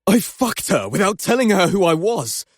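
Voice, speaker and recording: A man playing a guilt-racked young doctor, husky. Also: high-pitched, very animated, moderate pace, dry recording, clean studio sound, exaggerated voice. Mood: guilt-ridden. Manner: swearing outbursts, self-loathing rants. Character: anguished young male doctor, guilt-ridden, volatile. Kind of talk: audiobook character acting.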